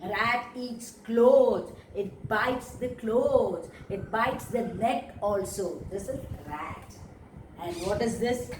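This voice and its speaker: A woman teaching young children about animals, talking in a slow, emphatic, sing-song way. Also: on the high side, echoey room, recorded from a distance, very noisy.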